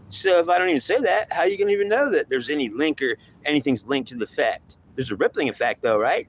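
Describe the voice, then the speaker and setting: A man's voice: on the high side, animated, quick pace, few pauses, slight background noise. A man talking in a rambling monologue, repeating himself and acting out imagined back-and-forth dialogue.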